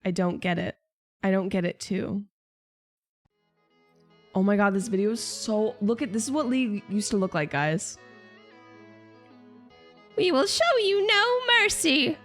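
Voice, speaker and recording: A woman's voice: mid-range voice, normal speed, pauses often, a little mellow, soft background music. A young woman streamer chatting casually and jokingly, answering her chat.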